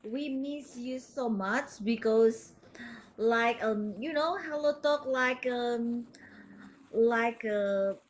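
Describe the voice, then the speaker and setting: Hesitant woman caller, halting English. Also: on the high side, a little hiss or hum, low-quality recording. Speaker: live-stream caller.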